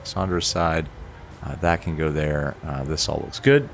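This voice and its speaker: A man with a croaky, sick-sounding voice chatting casually on a flight sim stream, laughing often as he talks through cockpit checks. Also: a bass voice, measured pace, faint music behind. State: sick, hoarse. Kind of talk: casual live-stream chat.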